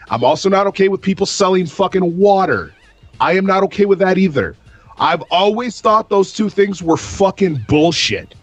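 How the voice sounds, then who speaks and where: A man in a heated podcast debate over a voice call, swearing constantly and often shouting as he repeats his points. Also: on the high side. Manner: profane, combative, repeats himself, often shouting. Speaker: debate participant.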